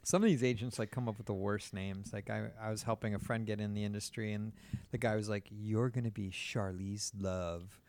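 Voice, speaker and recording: A man's voice: on the low side, fast talker, a little mellow, smooth, dry recording. A man hosting a casual interview, asking prodding questions and joking bluntly. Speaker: host.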